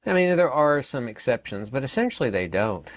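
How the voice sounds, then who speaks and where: A man's voice: medium pitch, very animated, a little fast, no echo, clean studio sound. A man in his fifties giving a rambling, emphatic opinion monologue as a channel host, often repeating words and using fillers. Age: 50s.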